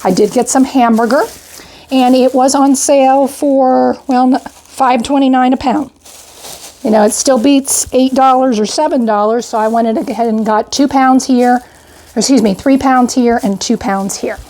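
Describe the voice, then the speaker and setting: A woman's voice: high-pitched, fairly even intonation, moderate pace, mellow. An older woman casually going through her grocery haul item by item, chatty and a little out of breath. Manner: chatty, itemizing purchases with frequent "I got" and "went ahead". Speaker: homestead vlogger.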